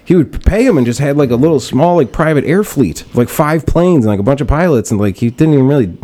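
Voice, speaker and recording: A young man on a casual podcast, spinning loose stories with constant swearing and frequent laughs. His pitch sits mid-range and his delivery stays conversational. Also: animated, quick pace, warm tone. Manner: swears a lot, laughs often, acts out quotes in storytelling. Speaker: podcast host. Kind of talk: casual chat.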